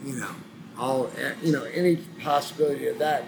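A man's voice: medium pitch, a little fast, creaky, background noise. A man from New Orleans telling a long, rambling story in a casual interview. He swears freely and acts out the voices of people he quotes. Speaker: guest musician telling his story.

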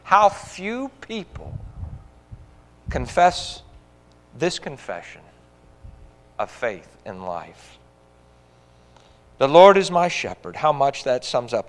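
A man's voice: high voice, sing-song, a little slow, a bit bright. Preaching man in a reverberant hall. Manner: earnest preaching, rising emphasis on quoted scripture. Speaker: pastor. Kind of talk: sermon.

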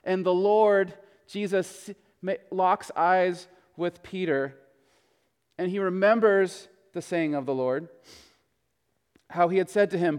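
High-voiced man preaching in a hall. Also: slow, pauses often, smooth. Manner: conversational storytelling, swinging between hushed and emphatic. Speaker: pastor. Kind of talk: sermon.

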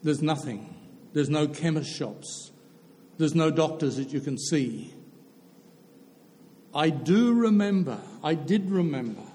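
A man's voice: fairly high pitch, darkish tone. An older man telling a personal testimony as a preacher, earnest and storytelling, often repeating phrases for emphasis. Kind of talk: testimony sermon. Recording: hall reverb.

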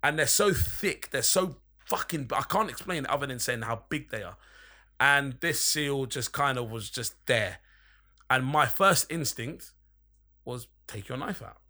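A young man tells a rambling story in an easy, conversational way, dropping plenty of swear words for emphasis. His voice is bright and forward, with a mid-range pitch. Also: expressive, measured pace. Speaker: podcast storyteller. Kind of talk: casual anecdote telling.

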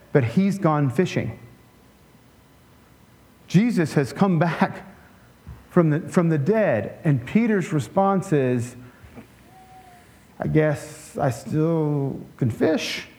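A man preaching a conversational sermon in a relaxed way, with joking asides and frequent restarts. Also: a little high. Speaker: pastor.

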